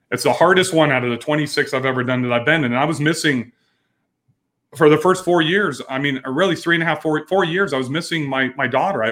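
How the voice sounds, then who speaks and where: Middle-aged guy, business owner, earnest and frank, keeps restarting his sentences, plain mid pitch. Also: a bit bright. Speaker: entrepreneur guest. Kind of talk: candid interview storytelling.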